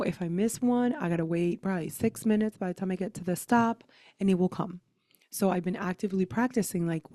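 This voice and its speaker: A woman's voice: on the low side, warm tone, dry recording, studio quality. A woman in her thirties giving a casual motivational talk as a leadership coach, chatty and full of "like" and "right?". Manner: chatty, many "like" and "right?" fillers.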